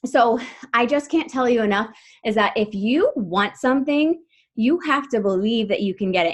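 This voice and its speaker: A woman in her thirties giving an upbeat, emphatic motivational talk to her coaching team, laughing often. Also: fairly high pitch.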